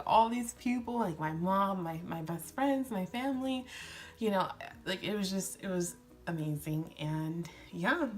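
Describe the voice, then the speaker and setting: A woman in her twenties chatting excitedly while doing a makeup tutorial, gushing and giggling as she tells a story. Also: medium pitch. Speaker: beauty vlogger.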